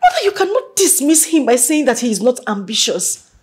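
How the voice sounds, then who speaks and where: A woman's voice: high-pitched, big pitch swings, brisk, husky, heavily acted. A young woman playing a headstrong daughter who argues and pleads emotionally. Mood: pleading. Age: young adult.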